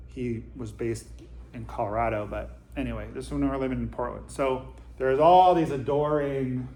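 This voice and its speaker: A man in a meditation hall gives a relaxed Dharma talk, his mid-range voice carrying a roomy echo. He speaks conversationally to his listeners and slips in dry, self-deprecating humor. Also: mid-range voice, slight background noise. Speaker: Zen teacher giving a Dharma talk.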